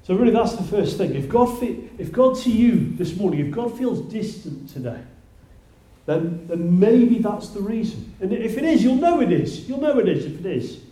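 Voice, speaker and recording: A fairly high-pitched male preacher gives a conversational sermon and often restarts his sentences. His tone is mellow. The sound is roomy and echoing, as in a church. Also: sing-song, normal speed. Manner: conversational, with many restarts and rising exclaims. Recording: roomy echo.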